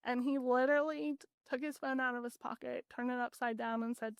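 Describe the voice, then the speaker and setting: A woman's voice: sits high, fairly quick, clear, resonant tone, no room sound. A woman guest on a podcast, earnestly retelling her story in casual talk with lots of "like"s. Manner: earnest, animated retelling with many "like"s.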